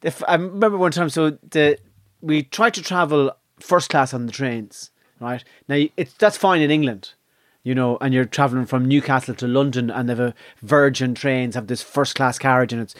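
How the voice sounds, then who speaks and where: An Irish speaker telling lively, swearing anecdotes in a casual podcast chat. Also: medium pitch, normal speed, dry recording, studio quality.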